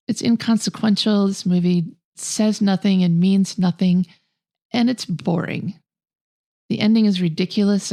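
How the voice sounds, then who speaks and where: A woman's voice: lowish voice, vocal fry, dark tone. A woman co-hosting a film podcast, giving a blunt and scathing review in casual chat. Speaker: podcast co-host.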